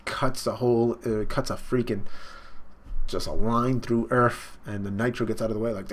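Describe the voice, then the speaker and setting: A man casually and excitedly recapping a comic chapter in slangy talk during a live stream, jumping into the characters' lines. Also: fairly low pitch, normal speed. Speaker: online manga reaction host.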